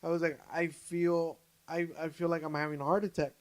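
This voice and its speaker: A man's voice: on the high side, brisk. A young adult man co-hosting a podcast, telling a story in casual chat, swearing freely and stumbling over his words. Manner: animated, swears freely, many restarts and fillers. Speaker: podcast co-host.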